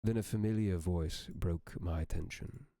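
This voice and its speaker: Deep gravelly man reading a horror story. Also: normal speed, dark tone. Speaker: streamer.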